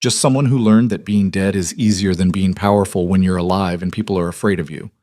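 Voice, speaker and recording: A man's voice: sits low, fairly even intonation, fairly quick, mellow, dry recording, studio quality, natural voice. A man voicing a defiant young woman, a cast-out wolf queen, who speaks in a cool, level, unyielding way. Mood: steely.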